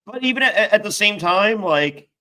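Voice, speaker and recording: A man's voice: high voice, moderate pace. A man co-hosting a casual reality-show recap chat, joking and restarting his sentences. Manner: animated, joking, stumbling restarts. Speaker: podcast co-host, former reality contestant.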